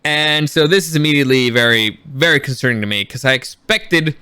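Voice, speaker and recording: Bright, sarcastic rambling male reviewer. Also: on the high side, clean tone, no echo, studio quality. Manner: rambling, sarcastic, acts out characters' lines in quick bits; frequent restarts and fillers, swears when annoyed. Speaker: YouTube reviewer. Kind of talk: casual spoken review.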